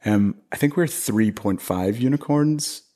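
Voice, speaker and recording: A man's voice: fairly low pitch, expressive, a little slow, warm tone. A man in his thirties from Northern Ireland with a Northern Irish accent, chatting casually as an interview guest and laughing often.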